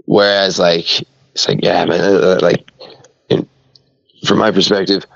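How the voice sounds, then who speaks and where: A man's voice: sits low, level tone, unhurried, vocal fry, a bit bright, dry recording, muffled recording. A podcast guest, a man, rambling in casual chat with many filler words.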